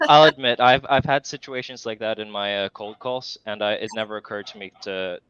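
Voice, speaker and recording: A man's voice: fairly low pitch, a little fast, fairly bright tone, lo-fi sound. A man co-hosting a podcast over a video call, speaking hesitantly with frequent ums and uhs. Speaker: podcast co-host. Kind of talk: casual chat.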